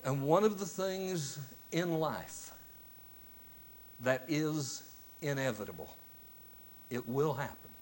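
A man preaching a sermon, with long dramatic pauses, sometimes dropping to a hushed near-whisper on key words. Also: medium pitch.

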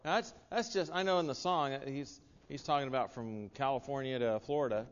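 A man's voice: medium pitch, moderate pace, highs cut off. American male preacher, earnest sermon delivery with restarts, echoing hall. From United States. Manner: earnest, with frequent restarts and asides.

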